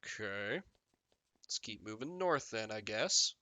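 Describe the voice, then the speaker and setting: A man with a lowish voice takes it slowly as he streams a text game live, with no room sound. He reads the story aloud, animated and jokey, riffing on the text as he goes.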